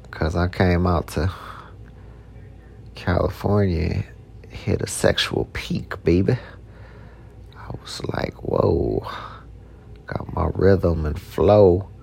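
A man's voice: low voice, vocal fry, a little mellow, slightly rough. A man rambling casually through personal stories, slangy and profane, with many repeated words and restarts. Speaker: podcast host. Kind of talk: casual storytelling monologue.

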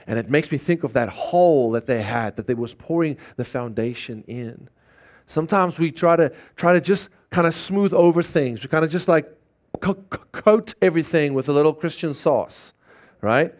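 A man's voice: medium pitch, normal speed, a little mellow. A man preaching a sermon, earnest and emphatic, leading call-and-response in a church service. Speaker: pastor.

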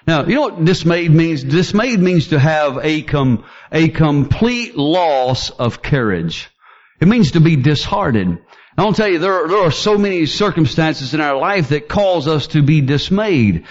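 A man preaching with fervent energy, his voice sitting high and moving through a wide, lively range. He builds toward near-shouts as he presses his points. The recording sounds dull and lo-fi. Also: unhurried. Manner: fervent, rising to near-shouts when quoting scripture. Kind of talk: sermon.

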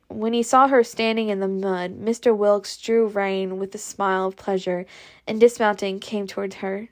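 A woman reading a classic novel aloud as amateur audiobook narration, steady with occasional slips. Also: mid-range voice, normal speed. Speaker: audiobook reader.

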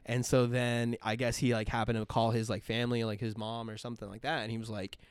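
A young man from California with a relaxed Californian accent, chatting casually as a podcast host, rambling with lots of fillers. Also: mid-range voice, quick pace, few pauses, clear, resonant tone, no room sound, studio quality. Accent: Californian, laid-back surfer type. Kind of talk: casual chat.

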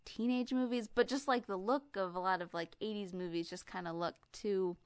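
A woman's voice: medium pitch, fairly even intonation, normal speed, clear, resonant tone, no echo, clean studio sound. A young American woman co-hosting a podcast, chatting casually and trailing off with lots of fillers. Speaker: podcast co-host. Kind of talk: casual chat.

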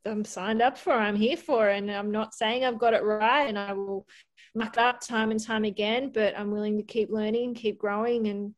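A woman speaks as a guest on a podcast, telling a personal story candidly. She is animated, acts out what others said, and laughs often. Her voice sits at an ordinary middle pitch. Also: moderate pace. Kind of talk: casual storytelling.

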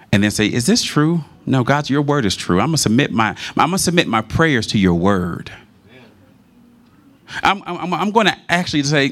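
A man preaching a sermon in a conversational, animated storytelling manner. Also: fairly low pitch.

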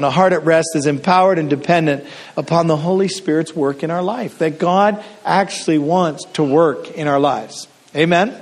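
A middle-aged male pastor from Canada delivers a sermon in a loose, conversational storytelling way. His voice sits a touch higher than most men's, and he often restarts his sentences.

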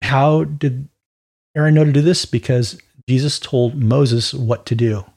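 Male preacher, mid-pitched and raspy, chatty and animated Bible teaching. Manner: conversational and animated, with quick mock voices and asides.

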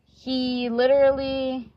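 A young woman in her twenties with a fairly high voice tells a story in a blunt, unfiltered way. She swears freely, leans on "like" and "um", and acts out bits of dialogue as she goes. The recording sounds dull and lo-fi. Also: monotone, slow. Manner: candid and blunt, swears often, many fillers like "like" and "um"; acts out quoted dialogue while retelling. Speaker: vlogger. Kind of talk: casual storytelling.

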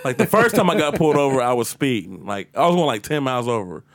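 Loud swearing guy telling a story, lively voice going up and down, dry sound. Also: mid-range voice, quick pace, no room sound. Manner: animated, profane, acts out his own outbursts loudly. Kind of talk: casual storytelling chat.

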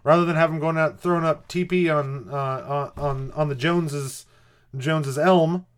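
A man's voice: fairly high pitch, steady tone, normal speed, clean tone. A man co-hosting a podcast in casual chat, rambling and hesitant with wry asides. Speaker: podcast co-host.

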